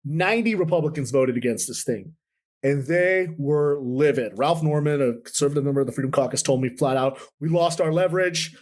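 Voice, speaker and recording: Man, reporter guest, lively storytelling, quick restarts, slightly high voice. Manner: animated, quotes people in lively voices, many restarts. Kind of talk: conversational interview storytelling.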